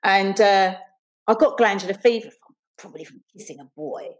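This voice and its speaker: A woman's voice: medium pitch, moderate pace. A woman in her forties talks about her life as an author and guest. She speaks in an earnest, reflective way with a mid-range voice. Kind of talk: interview chat and reading aloud.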